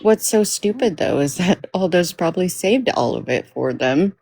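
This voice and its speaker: Low-voiced woman, blunt wry comments, lots of up and down. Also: animated, moderate pace, gravelly, warm tone, husky. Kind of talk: casual group discussion.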